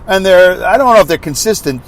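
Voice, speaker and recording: A man's voice: high-pitched, animated, a little fast, vocal fry. A man hosting his own podcast, rambling in a chatty, self-mocking way while he drives. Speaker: podcast host. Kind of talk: rambling solo podcast talk. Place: inside a moving van, driving.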